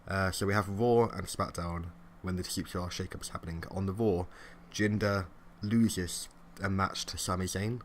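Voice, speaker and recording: A young man with a very low, fairly even voice co-hosts a podcast, loosely recapping wrestling alongside his partner. He laughs a lot and drops quick impressions of the people he mentions, with faint hiss beneath the audio.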